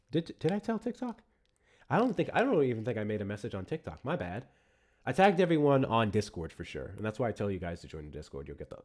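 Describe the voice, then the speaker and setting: A man's voice: on the low side, a little mellow. A man hosting a casual political livestream, laid-back and profane, laughing often. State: recovering from illness. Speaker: livestream host. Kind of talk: casual live-stream chat.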